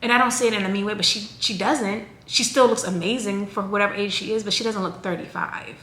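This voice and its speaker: A woman in her thirties talking casually to camera in a chatty, rambling, animated way. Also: mid-range voice, fast talker. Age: 30s. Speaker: vlogger. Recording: echoey room with faint noise.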